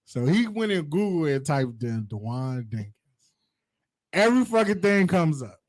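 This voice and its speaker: Man, casual podcast chat, high and lively voice, dry close mic. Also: moderate pace, no room sound. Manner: animated, laughs often, acts out quoted people in high voices. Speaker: podcast co-host.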